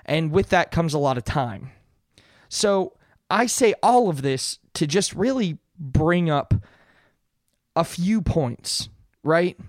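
A man's voice: a little high, expressive, slow, dry recording, clean studio sound. Earnest rambling man in his thirties. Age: 30s. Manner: rambling, earnest, many fillers and restarts. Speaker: podcast host. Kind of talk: casual solo podcast monologue.

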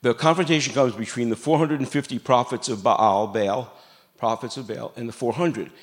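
In a church sanctuary, a middle-aged pastor gives a sermon at a normal pace in a medium-pitched voice. His delivery is conversational and full of jokes, with occasional asides to the people listening.

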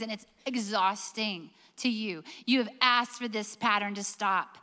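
A woman's voice: fairly high pitch, unhurried, hardly any pauses, pushed and bright, in a large hall. A woman preaching a sermon, emphatic and full of rhetorical questions.

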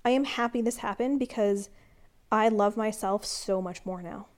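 A woman vlogger telling a personal story in an earnest, confiding and reflective way, dropping to a calm hush when she quotes herself. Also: medium pitch, moderate pace.

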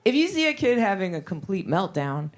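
A woman doing a stand-up comedy set, talking to the crowd in a conversational way and building deadpan to her punchlines. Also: medium pitch, fairly quick.

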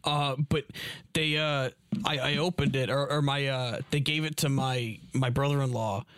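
A man's voice: mid-range voice, steady tone, moderate pace, fairly bright tone, clear, resonant tone, no room sound. Casual young man, dry close sound. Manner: swearing, acts out quoted voices. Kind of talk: casual chat.

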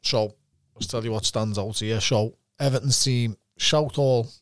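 A man hosts a relaxed chat with a former player. He chips in with dates and reads the old team sheets aloud, name by name. His voice is mid-pitched and sits dry and close to the mic. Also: unhurried, dry recording. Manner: prompting with facts, reading out team lists. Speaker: podcast host. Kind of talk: casual interview chat.

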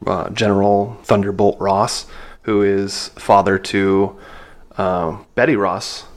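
Male podcast co-host, low pitch, rambling trivia talker who corrects himself often. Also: fairly even intonation, slow pace. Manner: rambling, many fillers, self-correcting, laughs easily. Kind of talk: casual chat about a film.

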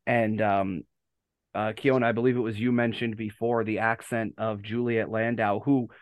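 This podcast host is a man from the US running a laid-back fan show, wandering through his thoughts with plenty of fillers and self-corrections. He speaks on the low side in a level tone at a moderate pace, with no echo.

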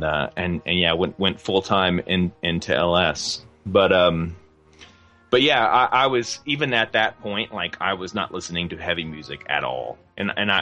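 A man's voice: low voice, sharp tone. A man in his forties from the American South, chatting casually about his music days, rambling with restarts and frequent laughs. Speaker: guest musician. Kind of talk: casual conversation.

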